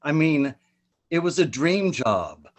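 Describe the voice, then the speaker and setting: Higher-voiced man performing spoken word. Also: sing-song, takes it slowly. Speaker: poet and spoken word artist.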